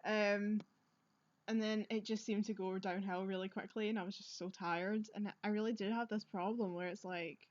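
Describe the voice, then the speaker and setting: A woman's voice: medium pitch, steady tone, moderate pace, a little mellow, highs cut off. A woman chatting casually while playing a game, laughing often and poking fun at herself. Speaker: let's-play streamer. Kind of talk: casual game commentary and reading dialogue aloud.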